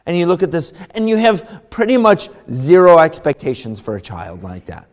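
A male pastor preaching to his congregation in a loose, conversational way. He swings between quiet asides and loud, animated stretches, pushing his pitch up when he acts out a scene. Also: normal speed. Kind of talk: sermon. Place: church sanctuary.

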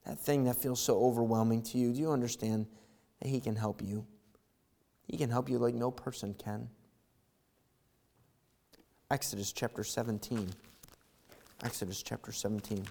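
A man preaching a sermon, reading scripture and swinging from quiet, low talk to loud, impassioned calls. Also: fairly even intonation, brisk, creaky, big-room sound. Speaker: pastor.

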